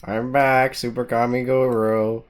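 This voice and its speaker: A reader narrating a group readthrough and teasing the other players in a lively, casual way. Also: mid-range voice, a little slow, a crowd in the background. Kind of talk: casual reading and chat.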